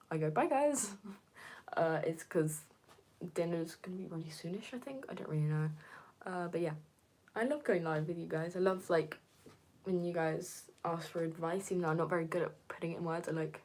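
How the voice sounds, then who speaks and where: A young woman chatting on a live stream and reading comments, rambling with lots of fillers, slipping into soft whispers and jumping high when excited. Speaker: content creator.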